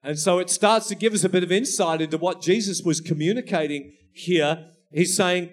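Man, pastor, sermon, lively storyteller, somewhat high pitch. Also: moderate pace. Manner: storytelling, animated, laughing at his own anecdotes.

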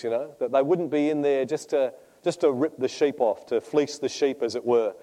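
A man's voice: medium pitch, warm tone. A middle-aged man with an Australian accent, a pastor preaching a sermon and telling his own story in a conversational, self-deprecating way. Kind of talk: sermon with personal testimony.

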